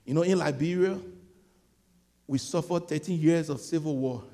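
A man preaching a sermon, swinging between shouted peaks and hushed storytelling, often repeating words as he gathers his thoughts. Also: fairly high pitch, normal speed. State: sweating. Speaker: pastor. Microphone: clip-on mic.

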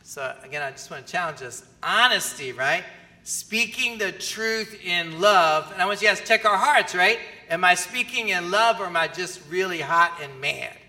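A man preaching a sermon as pastor, animated and often asking the audience questions. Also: high voice, moderate pace. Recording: long hall reverb.

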